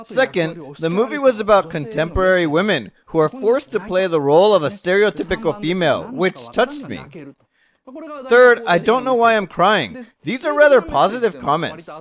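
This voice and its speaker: Guy with a high voice giving a chatty online lecture, asks his viewers questions. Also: very animated, normal speed. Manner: chatty, quizzes the audience.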